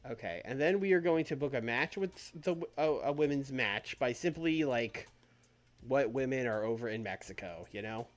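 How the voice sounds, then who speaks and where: Animated man thinking aloud on stream. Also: mid-range voice, moderate pace. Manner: thinks aloud, swears casually, trails off and restarts. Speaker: streamer playing a wrestling booking game. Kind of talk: casual live-stream chat. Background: faint background music.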